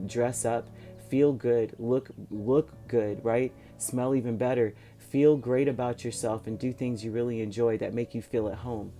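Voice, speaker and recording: A man with a mellow, dark-toned voice talks through a tarot reading in a loose, rambling way, reassuring his listeners and stopping to restart his sentences. Soft music plays faintly behind him. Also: mid-range voice. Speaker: tarot reader. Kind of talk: casual spoken tarot reading.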